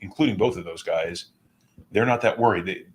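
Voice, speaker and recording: Man, lowish voice, sports podcast co-host, casual, reads comments. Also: brisk. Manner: reads listener comments aloud.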